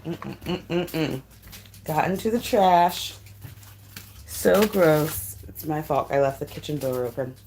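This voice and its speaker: A woman's voice: sits low, lively intonation, measured pace, darkish tone, slight background noise. A woman hosting a casual livestream, chatting to viewers while she crafts, giggly and chatty. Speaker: livestream host.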